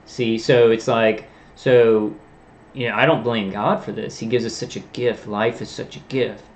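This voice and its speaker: A man talking in a halting, rambling monologue, full of restarts and fillers. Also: medium pitch, steady tone. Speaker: vlogger. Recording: dull lo-fi sound.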